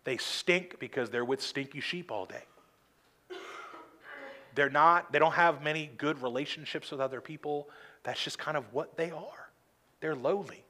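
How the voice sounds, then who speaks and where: A pastor delivers a sermon from the pulpit in a church sanctuary. His voice sits a little high for a man, and he speaks earnestly. He slows down to stress key lines and slips in dry asides. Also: bright, forceful tone. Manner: earnest preaching with slowed emphasis and dry humor.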